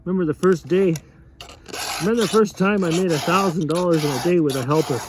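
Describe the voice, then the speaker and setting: Folksy rambling man over file rasping. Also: high-pitched, fast, noisy background. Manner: folksy, chuckling, repeats and restarts often. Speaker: fishing lodge owner giving advice. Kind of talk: rambling casual advice while sharpening a chainsaw.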